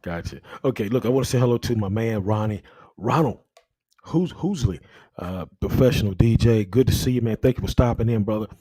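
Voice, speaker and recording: A man hosting a casual interview show, relaxed and repeating words as he searches for his questions. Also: on the low side, fairly quick, slightly rough, no room sound. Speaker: show host.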